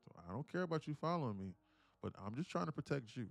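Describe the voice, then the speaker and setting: A man's voice: on the high side, lively intonation, fast, creaky, no room sound, faint music behind. A man day trader talking casually and bluntly on a live stream, rambling and laughing often.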